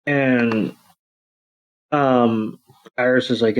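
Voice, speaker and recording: A man's voice: mid-range voice, a little slow, pauses often, highs cut off. A man co-hosting a podcast, recapping a cartoon episode in casual chat, rambling with many fillers and acting out the characters' lines. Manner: rambling, many ums and you-knows, acts out quotes. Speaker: podcast co-host.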